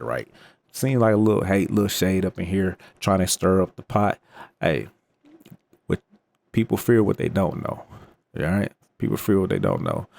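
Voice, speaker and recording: A man's voice: deep voice, creaky, a little mellow. A man hosting a crypto channel, talking through the news in a loose, chatty way with slangy asides. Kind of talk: casual news commentary vlog.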